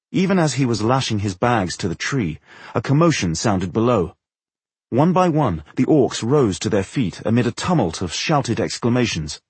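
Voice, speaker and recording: A man narrating a fantasy audiobook in an expressive storytelling manner, with a husky voice. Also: on the low side, dry recording.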